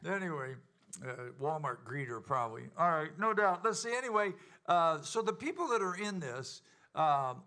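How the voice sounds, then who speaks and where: A man's voice: fairly high pitch, animated, normal speed, pushed and bright. A man hosting a casual show, rambling and joking with plenty of fillers. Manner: rambling, jokey, many fillers. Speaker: show host and band member. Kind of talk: casual banter.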